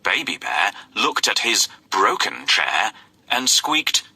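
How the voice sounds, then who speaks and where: A man's voice: lowish voice, slightly rough, dry recording. A man narrating a children's storybook in a theatrical way, voicing the characters as he goes. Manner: very animated, slow and theatrical.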